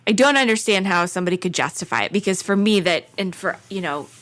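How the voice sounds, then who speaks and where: A woman's voice: mid-range voice, expressive, fast, fairly bright tone. A woman in her thirties, a podcast guest in casual chat, telling stories in an earnest, candid way. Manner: earnest storyteller, candid and frank.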